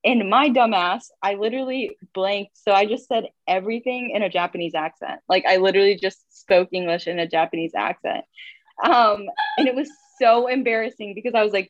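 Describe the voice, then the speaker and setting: A woman's voice: mid-range voice, fairly quick, dry recording, muffled recording. A young woman in her twenties telling stories in casual chat, full of fillers, over a video call. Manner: chatty storytelling, filler-heavy. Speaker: guest. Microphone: phone on video call.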